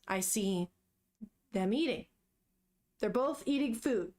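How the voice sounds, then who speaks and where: A woman's voice: medium pitch, slow. A young woman vlogger chatting casually and laughing often as she reads a manga aloud. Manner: chatty, giggly, animated reactions. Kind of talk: casual chat.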